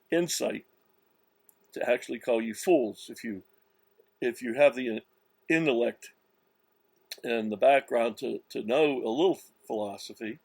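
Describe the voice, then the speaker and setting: A man giving a slow, insistent religious monologue, with many restarts and stressed words. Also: mid-range voice, gravelly, no room sound. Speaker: religious commentator. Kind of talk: self-recorded religious monologue.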